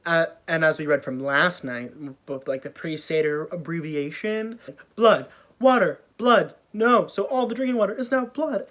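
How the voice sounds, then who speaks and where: A man's voice: a little high, normal speed, fairly bright tone. A man casually retelling an old story in a jokey, slang-filled way with offhand asides.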